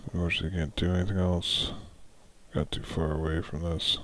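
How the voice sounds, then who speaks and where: A man's voice: low voice, level tone, moderate pace, a bit bright. A man running a solo tabletop game as dungeon master, musing aloud, correcting himself and chuckling often.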